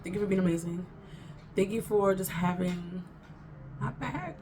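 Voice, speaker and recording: A woman's voice: fairly low pitch, moderate pace, background noise. A woman vlogger telling a storytime in an exasperated, emphatic, repetitive way. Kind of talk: casual storytime rant.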